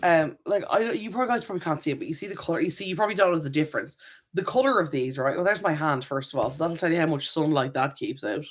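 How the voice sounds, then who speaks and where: Speaking quickly in a deep, animated voice, this channel host fields questions on a live stream. She rambles cheerfully, reads out viewer comments, laughs often, and stumbles into plenty of fillers and self-corrections.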